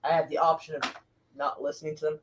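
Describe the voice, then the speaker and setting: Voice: medium pitch, flat delivery, fast, a loud crowd, poor audio. American streamer just chatting, laid-back, kinda amused, easy drawl. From United States. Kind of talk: casual chat.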